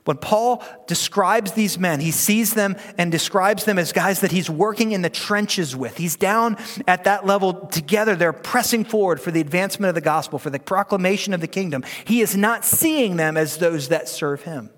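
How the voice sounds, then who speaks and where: Middle-aged male pastor, high voice, casual joking sermon delivery, long hall reverb. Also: normal speed, fairly bright tone. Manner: conversational and joking, leads the room in reading aloud. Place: church sanctuary.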